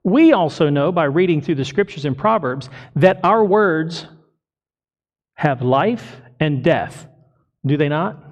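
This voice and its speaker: A man's voice: on the high side, expressive, slow pace. A male pastor delivering a sermon to his congregation, emphatic and full of rhetorical questions. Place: church congregation.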